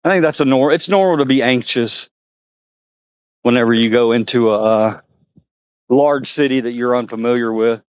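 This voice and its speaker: A man's voice: medium pitch, moderate pace, pauses often, clean tone, dry recording, lo-fi sound. A man vlogging outdoors at a zoo, chatting to viewers and talking to the animals. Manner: chatty, laughs often, talks to animals. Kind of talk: casual chat to viewers.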